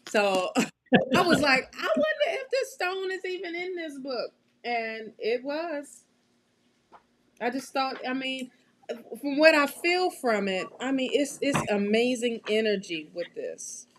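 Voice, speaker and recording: A woman co-hosts a live tarot stream. She speaks softly and unhurriedly in a high voice, a little hesitant but eager. Faint noise sits behind her. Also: sing-song, slow pace. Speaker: tarot reader and co-host.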